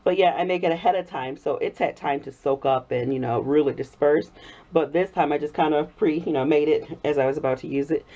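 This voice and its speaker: A woman vlogger chatting casually while making soap, her voice hoarse from a cold. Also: low-pitched, fairly quick. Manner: chatty, warm thanks to viewers, frequent laughs. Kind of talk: casual chat while crafting. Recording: dull lo-fi recording.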